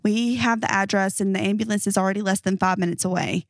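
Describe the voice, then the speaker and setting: A woman voicing a calm female emergency operator in a story reading, speaking quickly and reassuringly. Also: medium pitch, no room sound, studio quality, natural voice.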